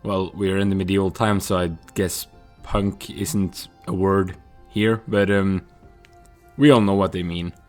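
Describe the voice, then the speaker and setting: Man, low voice, slow and unhurried, hesitant, reads a text adventure aloud, stops to think. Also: level tone, soft background music. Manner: hesitant, musing with many pauses. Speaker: player narrating a text adventure.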